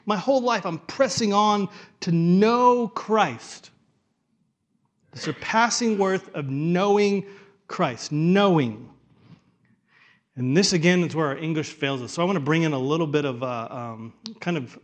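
A man preaching a sermon in an animated way, often acting out the thoughts of imagined listeners. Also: fairly high pitch. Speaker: pastor.

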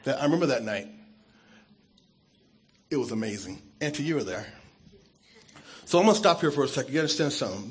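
A man who is a pastor, giving an earnest and emotional testimony sermon, his voice dropping soft when he is moved. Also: medium pitch, breathy edge.

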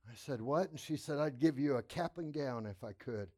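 A middle-aged male pastor telling a testimony in a sermon, animated, moving between loud laughing bursts and hushed retellings. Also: mid-range voice, brisk.

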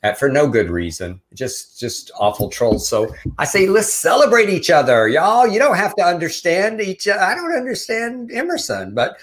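A man's voice: sits high, huge pitch swings, normal speed, few pauses. An older man, co-hosting a casual news chat show and reading quotes in a mocking tone. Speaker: podcast co-host.

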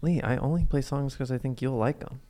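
A man's voice: medium pitch, a little fast, dark tone. A man co-hosting a casual podcast chat, playful and jokey. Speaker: podcast co-host.

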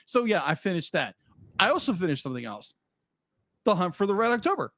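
Man, podcast co-host, casual rambling chat, slightly high voice, dry close mic. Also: sing-song, brisk, a bit bright, no room sound. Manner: rambling, frequent restarts and "be like" asides.

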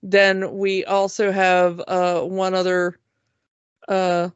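A lower-voiced woman in a casual podcast chat who talks very slowly and haltingly, with many fillers. The recording is dull and lo-fi, with a dry, close sound. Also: monotone, clean tone, dry recording. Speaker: podcast co-host.

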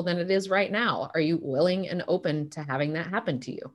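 A woman's voice: lowish voice, a little fast, hardly any pauses. A middle-aged woman, a business coach, speaking with emphatic energy as a podcast interview guest. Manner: energetic, emphatic, acts out quotes.

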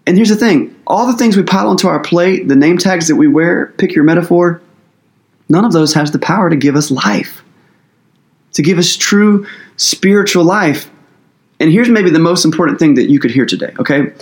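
A man's voice: on the high side, animated, fairly quick. A man preaching as pastor in a conversational sermon, earnest and casual, with loose phrasing and plenty of fillers.

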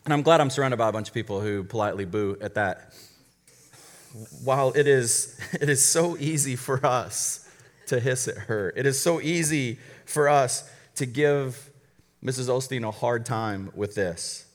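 A man's voice: medium pitch, unhurried. A man preaching a sermon as a college pastor to a live church audience, talking conversationally with frequent restarts and joking asides. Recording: long hall reverb.

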